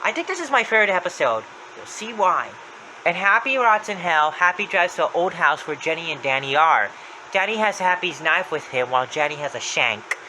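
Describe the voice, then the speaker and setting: A man's voice: fairly high pitch, lively intonation, a little fast, pushed and bright, slight background noise, poor audio. A young man retelling a creepy story in a plain, running recap with small slips. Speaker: narrator.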